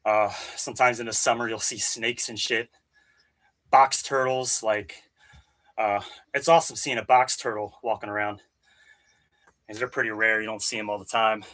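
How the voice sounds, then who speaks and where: A young man from Maryland with a bright, forceful tone talks loosely between sets. He rambles, swears freely and answers his chat as if among friends. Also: lowish voice, steady tone, normal speed. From Maryland, USA. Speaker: fitness vlogger. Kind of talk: casual chat with live chat during workout. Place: home gym.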